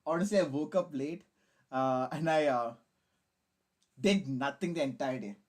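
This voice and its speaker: This young man's voice is on the high side with a darkish tone, and he keeps a measured pace. Building a model kit on a relaxed live stream, he's hyper and giggly, swearing, rambling, and mocking himself.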